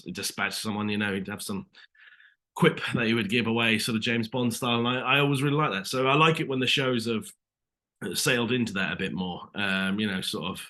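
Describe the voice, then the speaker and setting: A British man with a bright, forceful voice tells stories as an interview guest, talking loosely and filling gaps with little asides. He speaks over a video call. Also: mid-range voice. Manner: chatty, lots of "you know" asides. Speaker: actor guest. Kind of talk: casual interview storytelling.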